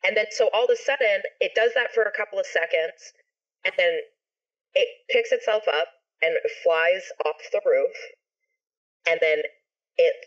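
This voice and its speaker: Speaking at a moderate pace in a medium-pitched voice, a ska musician and actor chats as a guest on a video call. Her story comes out animated and full of swearing, with quotes acted out, and the call audio is dull and lo-fi.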